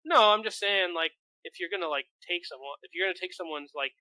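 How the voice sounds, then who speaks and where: A man's voice: sits high, fast talker, sharp tone, dry recording, rough recording. A man co-hosting a podcast, chatting casually with lots of filler words and swearing. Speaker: podcast co-host. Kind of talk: casual chat.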